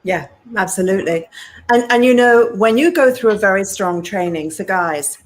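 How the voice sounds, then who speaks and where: A British woman in her sixties, an animated storyteller who talks straight to her listeners in an interview. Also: mid-range voice, moderate pace, rough recording. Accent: British English. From England. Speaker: guest hairdresser and educator.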